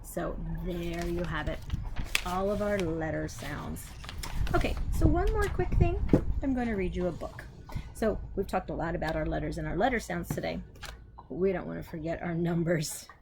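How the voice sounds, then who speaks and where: A woman teacher slowly sounding out letters and reading aloud to young children outdoors. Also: fairly low pitch, lively intonation, vocal fry, background noise. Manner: slow, patient, sounding out letters. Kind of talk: phonics lesson and read-aloud for young children.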